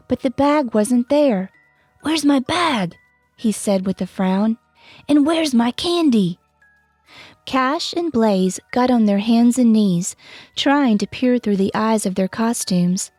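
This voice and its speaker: Female storyteller for a bedtime audiobook; slow, gentle read-aloud, dry close sound. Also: fairly high pitch, dry recording. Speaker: storyteller and author.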